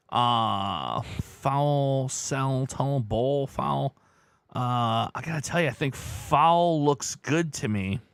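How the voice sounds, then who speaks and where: A man's voice: mid-range voice, a bit bright, smooth, no echo, studio quality. A man hosting a casual live stream, thinking aloud as he weighs guesses and chats with viewers.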